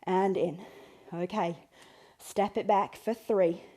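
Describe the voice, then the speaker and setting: A yoga teacher speaks slowly in a warm, medium-pitched voice with fairly even intonation. Guiding the class, she names poses, cues breaths and counts reps aloud encouragingly, though she gets winded at times.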